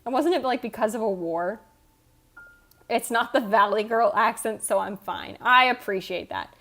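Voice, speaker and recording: A woman's voice: fairly high pitch, normal speed, a bit bright. A woman livestreamer chatting casually with viewers, rambling, cutting herself off and swearing offhand. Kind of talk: casual chat reading out viewer comments. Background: faint background music.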